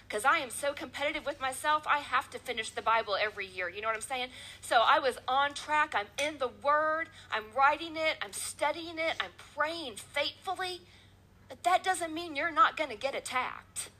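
A woman delivers a sermon from the pulpit with a high voice. Her tone is bright and forceful. She builds each point through rhythmic, repeated phrases. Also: normal speed, rough recording. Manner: emphatic preaching with repeated phrases. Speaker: preacher.

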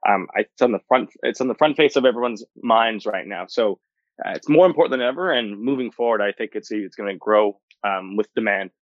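A man's voice: lowish voice, fairly quick, hardly any pauses, dry recording, dull audio. A man speaking as an interview guest in an earnest, emphatic way, with frequent fillers and repeats. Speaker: guest, indoor farming company co-founder. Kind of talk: conversational interview.

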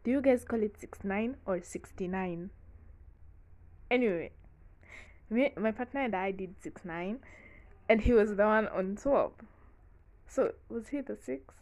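A young woman talking frankly in casual chat, excitable and quick to burst into laughter, swearing freely. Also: medium pitch. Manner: frank and profane. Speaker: vlogger.

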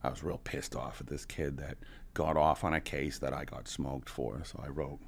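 A man's voice: extremely low pitch, fairly even intonation, moderate pace, gravelly. A man in his forties, a podcast guest, telling his story in a casual, profane way, full of "you know" and chuckles. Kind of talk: candid storytelling.

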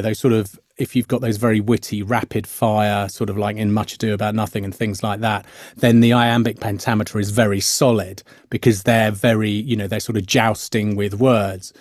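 A man's voice: on the low side, little pitch movement, normal speed, no room sound, clean studio sound. A middle-aged man, an actor guest on a podcast, explaining his craft thoughtfully with many fillers and restarts. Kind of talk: podcast interview.

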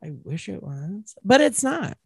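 Giggly drag queen with a lively voice. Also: high-pitched, unhurried, vocal fry, husky, no room sound. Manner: giggly, playful, swears freely. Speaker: drag queen podcast co-host. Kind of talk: casual banter.

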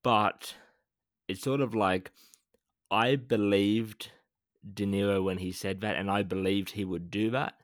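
A man co-hosting a film podcast, talking in a measured, hesitant way with a lot of fillers. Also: fairly low pitch, fairly even intonation, no echo, clean studio sound. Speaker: podcast co-host. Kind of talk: casual film discussion.

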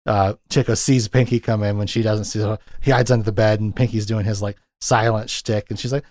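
A man's voice: on the low side, level tone, a little fast, few pauses, darkish tone, no echo, studio quality. A man co-hosting a casual film discussion, rambling and retelling scenes with lots of fillers. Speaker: podcast co-host. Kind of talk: casual chat.

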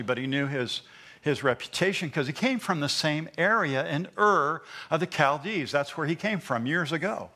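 A male pastor preaching an impassioned sermon in church, swinging between loud emphasis and hushed asides, with stammered repeats. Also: on the high side.

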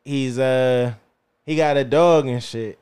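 A man's voice: medium pitch, slow, darkish tone, clear, resonant tone. A man hosting a casual podcast chat, rambling and circling back with "you know what I'm saying" as he tells a story. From Philadelphia. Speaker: podcast host. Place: podcast studio.

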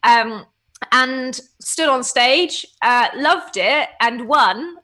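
Bright, lively woman in her thirties. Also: high voice, drawn-out words. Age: 30s. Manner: lively storytelling, acts out quotes, laughs often. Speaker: guest, fitness coach. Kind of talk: casual interview chat.

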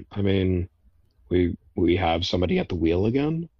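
Slow, gravelly deadpan man. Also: deep voice, no room sound. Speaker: podcast co-host. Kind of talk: casual sports chat. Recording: dull, dry lo-fi mic.

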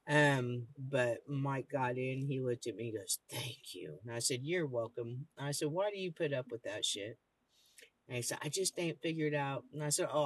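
Very deep and husky, this woman's voice carries a podcast host's long, casual story. She's blunt and liberally profane, bringing the retelling to life by acting out the other people's lines.

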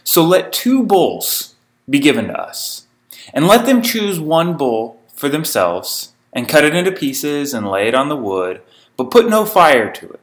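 A man's voice: on the high side, very animated, unhurried, fairly bright tone. A man reading a scripture passage aloud and breaking in with informal comments of his own. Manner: reads the passage steadily, breaks in with informal asides. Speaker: preacher.

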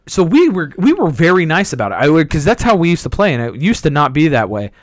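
A man in his twenties chatting casually, telling rambling profane stories and jumping into high squeaky impressions. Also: wildly swooping pitch, quick pace, no room sound, studio quality. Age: 20s. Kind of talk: casual chat.

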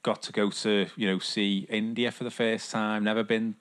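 In a smooth, fairly low voice with a level tone and moderate pace, a young man co-hosts a podcast. He chats casually, rambling and mocking himself, with plenty of filler words.

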